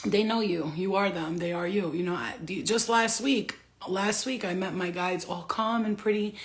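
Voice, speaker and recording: A woman's voice: mid-range voice, normal speed. A woman talking casually in a vlog about spiritual life, laughing often, swearing freely and acting out other people's words. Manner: animated, mimics others in put-on voices. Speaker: spiritual vlogger. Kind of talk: casual monologue.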